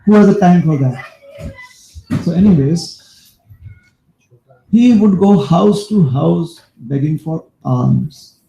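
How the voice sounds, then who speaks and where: A male preacher telling a devotional story in a sermon, as an animated storyteller who turns aside to talk to his listeners. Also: a little high, slow, gravelly, pauses often, dull audio. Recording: echoey room.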